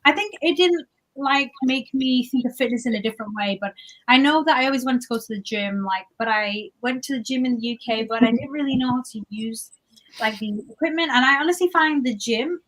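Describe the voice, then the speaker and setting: A woman's voice: on the high side, brisk, rough recording. A young woman from England with an English accent, chatting casually as a guest on a livestream interview. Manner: chatty, animated, lots of likes and restarts.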